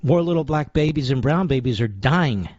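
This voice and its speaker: A man's voice: mid-range voice, animated, normal speed, darkish tone, no echo, highs cut off. A male radio talk show host delivering a combative, sarcastic political monologue in short punchy phrases.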